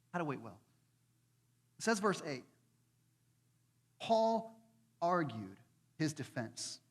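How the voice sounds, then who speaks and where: Animated pastor with lively, high voice. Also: male voice. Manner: animated, acts out voices of people in the story. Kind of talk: sermon. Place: church hall. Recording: long hall reverb.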